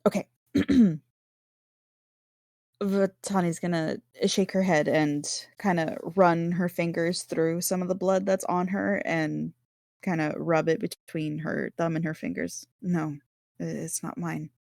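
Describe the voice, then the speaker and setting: A woman's voice: on the low side, steady tone, unhurried, gravelly, a little mellow, no echo, clean studio sound. A woman player chatting and describing her character's actions in a casual tabletop game. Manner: playful, chatty.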